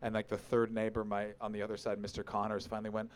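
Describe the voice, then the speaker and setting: A man doing stand-up, bantering with the crowd and telling a profane story in a brash, quick manner on a club stage mic. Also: fairly low pitch, completely flat delivery, clean tone.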